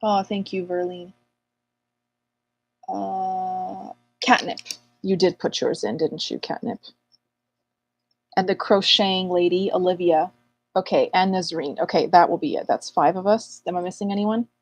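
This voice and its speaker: A woman's voice: on the low side, fairly even intonation, measured pace, long pauses. A woman astrologer hosting a live Q&A, chatting playfully and calling out viewers' names while getting over an illness. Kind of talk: casual livestream chat.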